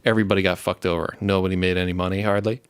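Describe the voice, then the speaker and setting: A man's voice: low voice, little pitch movement, very fast, smooth, no room sound. A young man in casual, profane chat, rambling through stories and laughing as he talks. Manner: rambling, swears constantly, laughs while telling stories. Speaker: show host.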